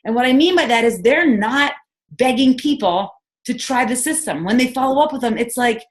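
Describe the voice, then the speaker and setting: A woman's voice: a little high, moderate pace. Upbeat woman coaching her team. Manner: energetic, enthusiastic, fires off rhetorical questions. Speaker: sales team leader. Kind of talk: motivational coaching on a team call. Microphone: conference call.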